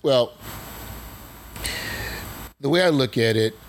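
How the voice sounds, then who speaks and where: Measured man weighing his words. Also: medium pitch, a little hiss or hum. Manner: measured, hesitant, corrective. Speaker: coach and guest. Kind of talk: casual chat.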